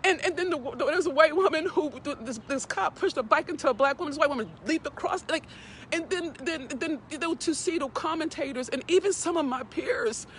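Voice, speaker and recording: A woman's voice: high voice, fairly quick, slight background noise. An emotional woman hosting a casual talk while outdoors on a morning walk, earnest and heartfelt, repeating words as she collects herself, speaking into a handheld phone. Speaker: host. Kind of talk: casual direct-to-camera talk.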